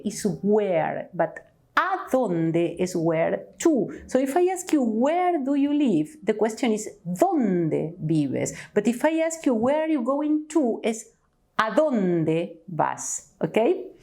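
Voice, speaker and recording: Slow, lively-voiced Argentine Spanish teacher. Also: female voice, on the high side. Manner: clear, deliberate, repeats each word then its translation. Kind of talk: slow language lesson with examples.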